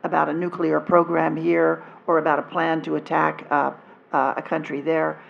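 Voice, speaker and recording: A woman speaking as a panelist on deception, halting and restarting her phrases and trailing off softly. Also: low voice, level tone, vocal fry, a little hiss or hum. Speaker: panelist, former intelligence officer. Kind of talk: panel discussion answer. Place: convention panel room. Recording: dull convention panel audio.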